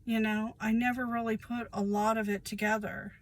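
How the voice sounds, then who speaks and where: A woman's voice: on the high side, level tone, normal speed, poor audio. A woman, speaking in a casual, emphatic monologue about her own life and repeating phrases for weight. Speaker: vlogger sharing personal experience.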